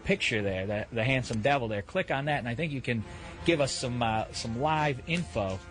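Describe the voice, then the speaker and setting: A man hosting a radio show, telling exasperated comic stories and shouting the punchlines. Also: mid-range voice, expressive, normal speed, faint music behind. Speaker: radio host. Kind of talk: comedic radio rant. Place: Los Angeles.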